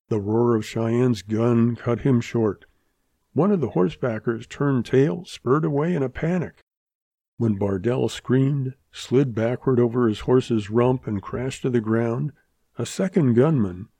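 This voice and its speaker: A man reads a western story aloud at an unhurried pace, with a gravelly, dark-toned voice. His delivery is measured and deliberate, recorded close and dry with no room sound. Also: medium pitch, no echo. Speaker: narrator. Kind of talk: dramatic reading of a western story.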